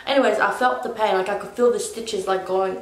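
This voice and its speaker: A woman's voice: mid-range voice, steady tone, brisk, a little hiss or hum. A young woman casually telling a personal story as a vlogger, rambling with lots of "like". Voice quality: rambling, full of "like". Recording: echoey room.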